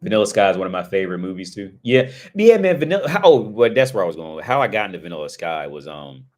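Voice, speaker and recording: A man chatting casually on a livestream, rambling with lots of filler words and swearing, breaking into excited outbursts. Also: low-pitched, quick pace. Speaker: streamer.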